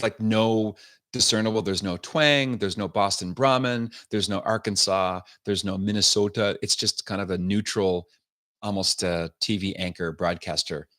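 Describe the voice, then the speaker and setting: A man hosting a political livestream, talking with scornful sarcasm and firm opinions. His voice sits fairly low for a man. He moves between commentary and greeting viewers from the chat. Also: fairly bright tone. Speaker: show host.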